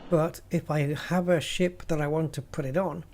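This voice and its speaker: A man with a mellow, slightly raised voice talks his way through gameplay. He thinks aloud in a loose, chatty commentary. A faint hum sits behind him. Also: fairly high pitch, fairly even intonation, normal speed. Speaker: gaming channel host.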